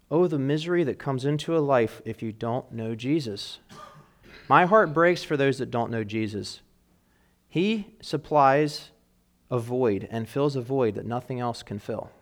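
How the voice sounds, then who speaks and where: A man preaching a sermon in an earnest way, rising in emphasis and dropping to quiet asides, and reading scripture aloud with weight. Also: medium pitch. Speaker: pastor.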